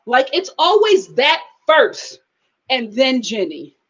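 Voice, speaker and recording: Woman, high voice, very animated, dramatic storyteller, laughing reviewer. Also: takes it slowly, breathy edge, lo-fi sound. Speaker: reality TV reviewer. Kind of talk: live review commentary.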